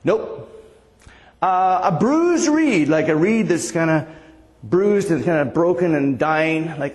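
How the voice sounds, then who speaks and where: A male pastor delivering a sermon in an easy, conversational way, often turning to his listeners with questions. His voice sits a little high for a man. The sound carries a long reverb, as in a church hall. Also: animated, slow, a little mellow. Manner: conversational, asks the congregation questions.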